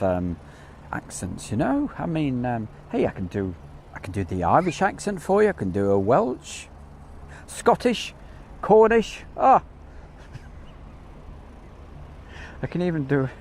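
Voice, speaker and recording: Chatty Midlands-accented man, lively pitch. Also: normal speed, creaky, a little hiss or hum. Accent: English Midlands. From English Midlands. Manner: chatty, rambling, self-deprecating. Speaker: livestream host. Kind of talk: casual live commentary.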